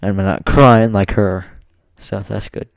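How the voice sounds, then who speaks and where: Slow, gravelly young man ranting. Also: lowish voice, fairly even intonation, no echo. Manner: slow, halting, with swearing and restarts. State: out of breath. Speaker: vlogger. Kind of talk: casual rant to camera.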